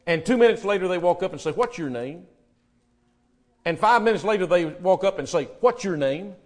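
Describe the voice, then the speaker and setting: A man preaching a sermon, swinging between loud, emphatic address to the congregation and hushed, quiet retellings of dialogue. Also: sits high, lively intonation, moderate pace.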